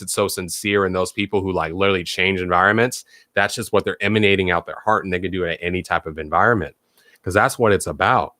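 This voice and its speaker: A man talking casually to viewers as a spiritual teacher, loose and animated, swearing freely and repeating words for emphasis. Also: on the low side, no room sound, clean studio sound.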